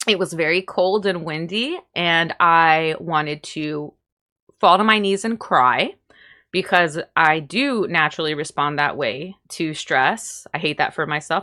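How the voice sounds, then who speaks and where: A woman's voice: low-pitched, lively intonation, measured pace, sharp tone. A young woman, candidly telling a self-deprecating story about herself and laughing as she goes. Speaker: vlogger. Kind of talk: storytime vlog.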